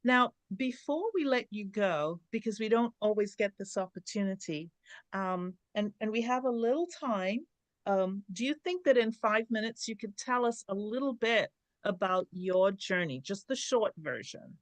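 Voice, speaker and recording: A woman's voice: medium pitch, lively intonation, moderate pace, no room sound. A woman host interviewing a guest, prompting her with short questions and directions. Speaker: host and coach. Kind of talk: casual interview.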